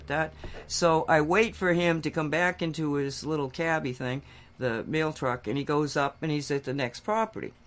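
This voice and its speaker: Man, higher voice, casual storyteller, animated, rambling with restarts. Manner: animated, getting louder and higher when worked up; rambling with restarts and acted quotes. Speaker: talk show co-host.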